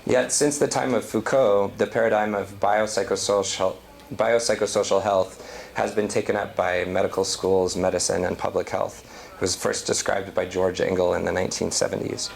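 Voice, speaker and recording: A man giving an academic lecture, reading a prepared talk at a measured pace. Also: on the low side, gravelly, a little hiss or hum. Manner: reads prepared text, measured.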